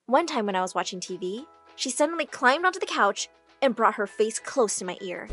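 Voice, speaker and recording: A woman narrating an animated drama story in an expressive, dramatic way. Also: a little high, brisk. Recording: faint background music.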